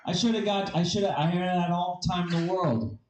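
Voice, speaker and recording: A man's voice: high voice, steady tone, brisk, reverberant, poor audio. A man doing stand-up comedy, telling rambling, profane, self-mocking stories.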